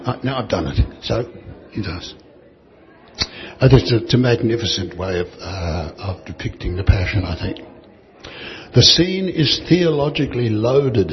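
A man's voice: mid-range voice, highs cut off. A man teaching a Bible class in a conversational way, asking his students questions and chuckling now and then.

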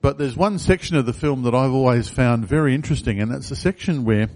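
A man's voice: mid-range voice, quick pace, darkish tone. A man preaching a sermon in a conversational way, asking the congregation questions. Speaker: pastor.

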